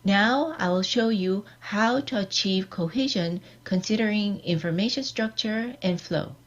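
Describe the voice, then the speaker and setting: A woman giving a scripted online lecture, reading out example sentences in a measured, deliberate way. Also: medium pitch. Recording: dull lo-fi recording.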